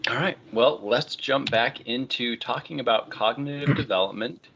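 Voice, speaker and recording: A male college instructor giving a relaxed, conversational online lecture, often moving on with "all right, so.". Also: medium pitch, normal speed, vocal fry, lo-fi sound, a little hiss or hum. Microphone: computer microphone.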